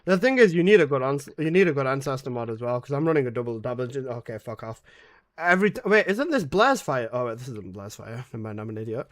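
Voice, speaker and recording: A man's voice: mid-range voice, big pitch swings, quick pace. A young man streaming a game live, rambling casually, swearing freely and being sarcastic as he talks to his teammates. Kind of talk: casual live-stream commentary while playing.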